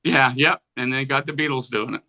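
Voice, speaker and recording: A man's voice: medium pitch, fairly even intonation, fairly quick, sharp tone, poor audio. A man in his seventies from Pennsylvania, a guest musician telling rambling anecdotes in a casual interview. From Pennsylvania, USA. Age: 70s. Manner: rambling anecdotes, acts out voices in quotes.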